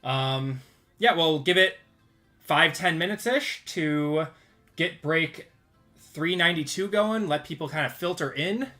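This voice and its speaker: A man's voice: a little high, measured pace, bright, forceful tone, faint music behind. A man hosting a casual livestream, upbeat and greeting viewers by name as they join. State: out of breath. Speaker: card break livestream host. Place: home.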